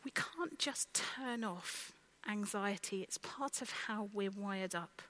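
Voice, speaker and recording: A woman's voice: mid-range voice, slow, low-quality recording. A woman preaching a conversational sermon and asking the congregation direct questions. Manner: conversational, lively, asks the listeners direct questions.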